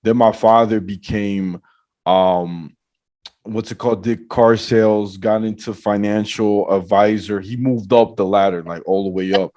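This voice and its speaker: Laid-back male podcast host, low voice. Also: steady tone, measured pace, darkish tone. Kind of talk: casual chat.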